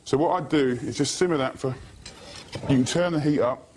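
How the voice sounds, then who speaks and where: A man's voice: mid-range voice, normal speed, noisy background. A man talking through a cooking demonstration in a kitchen, chatty and loose, full of "sort of" and "kind of". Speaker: TV cook. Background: frying and sizzling.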